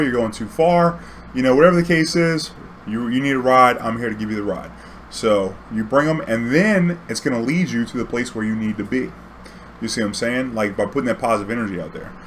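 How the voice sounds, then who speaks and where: A man tells a long story from his days driving a cab, rambling and doubling back with plenty of "you know"s. His voice sits at an ordinary middle pitch. A faint hiss lies under the recording. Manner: rambling, conversational, many restarts and "you know"s. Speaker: cab driver telling a story. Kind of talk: casual storytelling.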